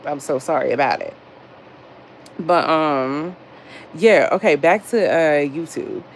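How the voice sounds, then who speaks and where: Woman in her thirties, livestream host; gravelly, profane, chatty, talks straight to her audience. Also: a little hiss or hum. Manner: lively storytelling, frequent jumps in pitch. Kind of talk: casual livestream chat.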